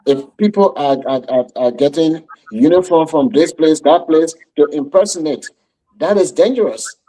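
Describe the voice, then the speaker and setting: Mellow man, halting speech. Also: medium pitch, low-quality recording. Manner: halting, many repeated words and fillers. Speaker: radio panelist. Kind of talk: talk radio discussion.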